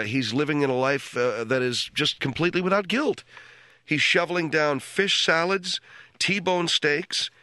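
A man hosting a radio call-in show, quick, theatrical and amused, on a studio microphone. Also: fairly high pitch, pushed and bright, no room sound. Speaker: radio talk show host.

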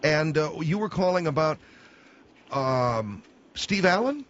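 A man's voice: on the high side, sing-song, slow, a little hiss or hum. A man hosting a talk radio show, telling stories with sarcasm and animation and taking calls. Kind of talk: talk radio monologue and call-in. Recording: dull, dry studio broadcast.

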